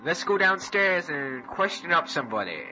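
A man's voice: a little high, sing-song, moderate pace. A man voicing a folksy, bumbling male amateur detective with a drawl who ends every line with "boy", in an amateur improvised radio comedy. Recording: muffled lo-fi tape with loud hiss.

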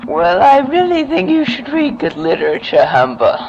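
A woman's voice: sits high, very animated, moderate pace, a little mellow, highs cut off, faint music behind. A woman in a homemade radio comedy, playing a prim lecturing teacher with a put-on English accent. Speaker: amateur radio-play actor as a pompous literature teacher.

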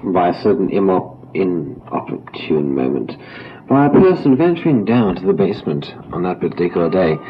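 A man playing a gloating, deep-voiced bomber. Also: very animated, slight background noise. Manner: gloating, slow and contemptuous. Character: menacing male bomber on a taped message. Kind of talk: amateur radio play. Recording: dull lo-fi tape recording.

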